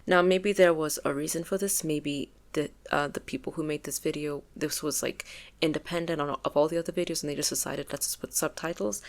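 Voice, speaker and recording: A woman with a notably low voice talks through a commentary video essay in a casual, chatty way. She leans on fillers as she thinks aloud and gets animated when pressing an argument. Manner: conversational, frequent "like" fillers, grows animated when making a point.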